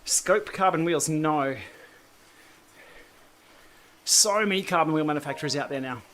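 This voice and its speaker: A man's voice: a little high, fairly quick, a bit bright, soft background music. An Australian man hosting a casual cycling livestream, chatting and answering viewer comments while he pedals on an indoor trainer. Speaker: cycling channel host.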